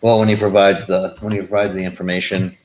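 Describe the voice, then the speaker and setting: A man's voice: low-pitched, level tone, fast, a little hiss or hum, rough recording. A man reporting budget items at a school board meeting in a plain, businesslike way, with fillers. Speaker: school district official.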